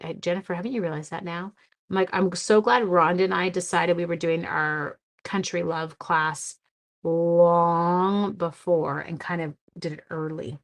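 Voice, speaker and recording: A woman in her forties hosting a casual craft live stream, chatting to viewers by name as she colors. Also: fairly low pitch. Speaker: livestream craft host. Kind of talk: casual live stream chat while card making.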